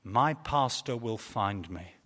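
A man's voice: lively intonation, heavy background noise. A man voicing a laid-back, smug castaway who speaks coolly and unhurriedly, in a reverberant hall. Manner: cool, unhurried, low-key. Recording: long reverb of a large hall.

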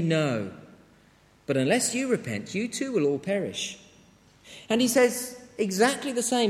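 A man preaching a sermon to a congregation, earnest and measured, with emphatic pauses. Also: sits high. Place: church to an international congregation. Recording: long hall reverb.

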